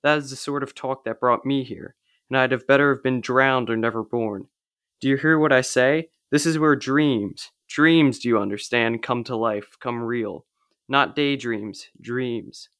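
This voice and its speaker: A man's voice: medium pitch, steady tone, normal speed, a bit bright, smooth, dry recording, clean studio sound, lightly acted. A man reading aloud as a wild-eyed castaway, pleading and frantic with fear.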